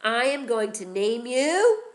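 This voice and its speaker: A woman's voice: fairly high pitch, big pitch swings, takes it slowly, voice pushed up. A woman voicing a kind young princess in a children's story, speaking tenderly to a baby. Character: kind young Egyptian princess, gentle and warm.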